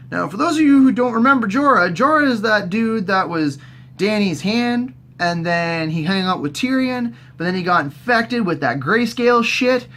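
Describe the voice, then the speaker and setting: Brief: an animated, cussing vlogger man, pitch leaping all over. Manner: excitable, sweary, animated. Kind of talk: profane casual recap.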